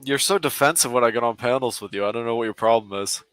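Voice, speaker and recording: A man's voice: medium pitch, fast, fairly bright tone, clean tone, no room sound, faint music behind. A man on a casual stream panel, needling and teasing the other speaker in a laid-back way.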